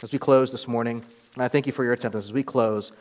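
A man's voice: mid-range voice, fairly even intonation, quick pace. Man preaching in a reverberant church. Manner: preaching with rising emphatic swells and quiet drops. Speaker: pastor. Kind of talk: sermon. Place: church sanctuary.

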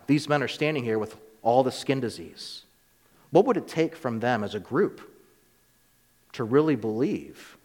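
A man's voice: mid-range voice, in a large hall. A man preaching a sermon in a conversational way, sometimes acting out the voices of people in the story. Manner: conversational, acts out voices of biblical figures.

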